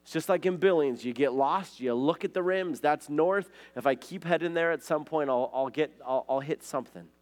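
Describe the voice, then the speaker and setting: A slightly high-voiced pastor from Montana, USA, moves at a moderate pace with few pauses. His sermon is easygoing and story-based, sprinkled often with "like" and "right?".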